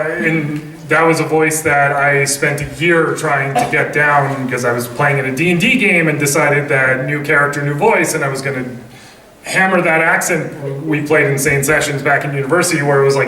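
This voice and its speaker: A man's voice: on the high side, fairly even intonation, normal speed, pushed and bright, a little hiss or hum. A man voice actor on a convention panel, rambling through his answer with many fillers. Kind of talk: panel talk. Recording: echoey hall, mic from far off.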